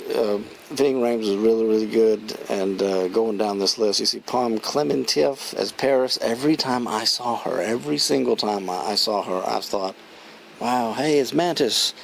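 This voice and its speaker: A man with a lowish voice talks through a film review in a loose, rambling way, restarting sentences and chuckling as he retells scenes. A faint hum of room ambience sits behind him. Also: gravelly, low-quality recording. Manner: rambling, chatty, many restarts and fillers. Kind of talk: casual spoken film review.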